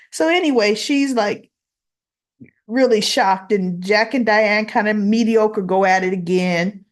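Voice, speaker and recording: A woman hosting a casual soap opera recap, animated and acting out the characters' lines. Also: mid-range voice, measured pace.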